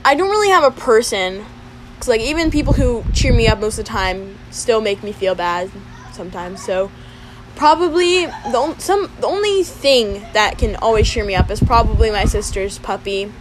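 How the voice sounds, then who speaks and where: A young woman chats casually in a slightly higher voice, rambling and hedging through her answers with little giggles. The home recording carries clear background noise. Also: big pitch swings, moderate pace. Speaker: co-host answering questions. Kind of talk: casual chat.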